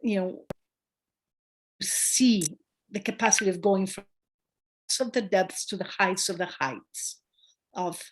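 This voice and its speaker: A woman midwife, a guest in a conversational interview, telling a story with emphasis, acting out quoted voices and pausing on fillers. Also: medium pitch. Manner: animated storyteller who acts out quoted voices; warm and emphatic, with hesitant fillers.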